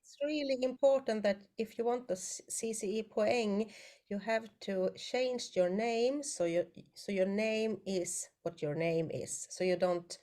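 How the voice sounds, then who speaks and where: A woman explains the technical rules of an online event over a video call. She speaks haltingly and repeats herself, at an ordinary middle pitch. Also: warm tone. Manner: halting, repetitive. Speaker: technical assistant. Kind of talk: practical instructions.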